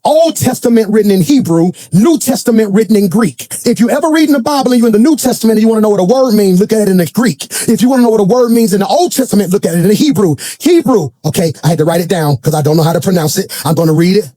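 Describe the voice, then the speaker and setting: A man preaching a sermon to a congregation in church, swinging between shouted, sing-song lines and folksy, colloquial storytelling with asides. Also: high voice, racing, hardly any pauses, no room sound. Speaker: pastor.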